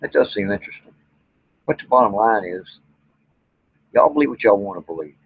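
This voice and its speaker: Man, husky voice, blunt profane rant, tinny phone-like sound. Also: on the low side, expressive, a little fast, no room sound. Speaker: vlogger and Bigfoot researcher. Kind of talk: angry rant to camera.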